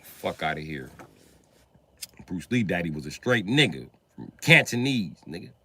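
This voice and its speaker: Bright-voiced man ranting heatedly. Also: deep voice, sing-song, moderate pace, slightly rough. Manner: heated, crude, combative. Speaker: livestream host. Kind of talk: profane live-stream rant. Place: livestream setup.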